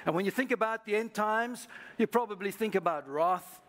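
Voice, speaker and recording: Man, pastor, high-pitched voice, church sermon, call-and-response preaching. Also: normal speed, a bit bright. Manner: preaching to a live congregation, prompting call-and-response. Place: church service.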